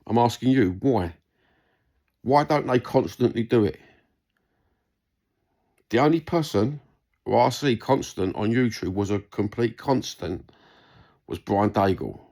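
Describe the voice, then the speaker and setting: Gravelly, low-voiced London bloke; angry vlog rant, lots of swearing and repetition. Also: male voice, expressive, unhurried, pauses often, mellow. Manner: heated, sweary, repeats himself. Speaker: vlogger responding to a comment.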